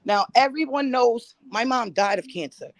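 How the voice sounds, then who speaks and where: A woman's voice: fairly high pitch, animated, moderate pace, no room sound. A woman joining a live chat by phone as a panel guest, telling her side in an angry, defensive way and swearing. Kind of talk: heated call-in chat.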